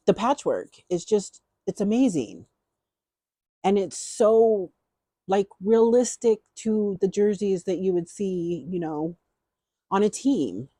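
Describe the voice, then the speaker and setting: A woman's voice: on the low side, warm tone, no room sound. A middle-aged woman chatting casually through a beauty haul, rambling and repeating herself with enthusiasm.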